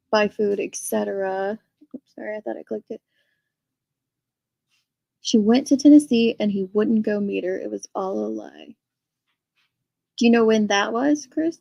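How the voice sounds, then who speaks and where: A woman's voice: a little high, vocal fry, mellow, dull audio. A woman hosting a casual livestream, chatting and reading viewer comments aloud. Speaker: livestream host reading chat.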